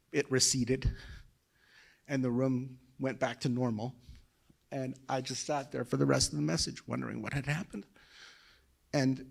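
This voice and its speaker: A man's voice: medium pitch, vocal fry. A man, telling his conversion story in a sermon, emotional and conversational. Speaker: guest preacher. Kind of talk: personal testimony sermon.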